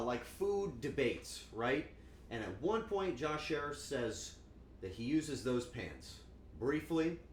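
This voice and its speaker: A man's voice: mid-range voice, slight background noise. A man casually chatting with his viewers on a cooking stream, playful and joking. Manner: playful, joking with chat, animated outbursts. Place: home kitchen. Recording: echoey room, faint ambience.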